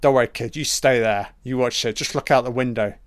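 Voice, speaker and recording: A man's voice: mid-range voice, fairly quick, dry recording. A man giving a casual film commentary, crude and sarcastic, swearing often as he reacts to the movie. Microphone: home mic, audio only.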